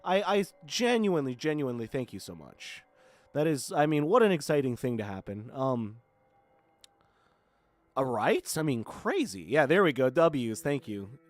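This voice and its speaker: Brief: young male streamer, mid-pitched, rambling and friendly, soft music underneath. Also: sing-song, moderate pace. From Florida. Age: 20s. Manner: chatty, rambling, thanks viewers often. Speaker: live stream host. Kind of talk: casual live stream chat. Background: faint horror music.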